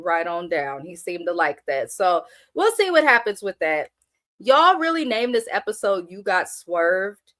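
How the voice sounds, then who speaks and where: A woman, hosting a live, casual reality TV recap in a blunt, animated and profane way. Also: on the high side. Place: at work on a lunch break.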